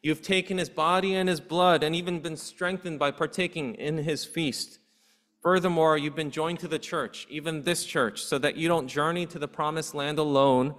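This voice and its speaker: Pastor preaching in an echoing church. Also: male voice, fairly high pitch, steady tone, normal speed, fairly bright tone. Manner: earnest preaching with rhetorical questions. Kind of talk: sermon. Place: church sanctuary. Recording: long hall reverb in a church.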